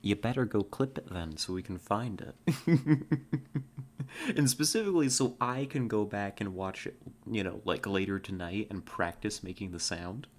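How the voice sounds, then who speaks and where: A woman streaming a game, chatting casually and excitedly, laughing often and making playful growling noises. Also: extremely low pitch, moderate pace. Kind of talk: casual live-stream commentary.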